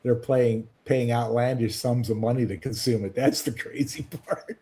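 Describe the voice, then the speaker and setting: Older man, joking sidekick, mid pitch, crude humor. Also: fairly even intonation, moderate pace, warm tone. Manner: wisecracking, crude jokes, laughs at his own punchlines. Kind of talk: casual chat.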